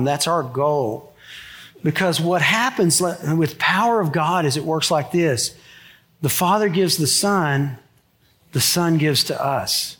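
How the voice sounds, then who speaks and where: High-voiced preacher man, chatty. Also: a bit bright. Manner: conversational, joking asides to the congregation. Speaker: pastor. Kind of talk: sermon. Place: church sanctuary.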